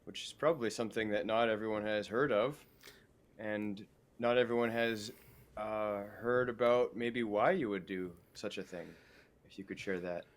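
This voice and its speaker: Male podcast host, calm and encouraging, easy conversational questions. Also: on the low side, normal speed. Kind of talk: casual interview questions.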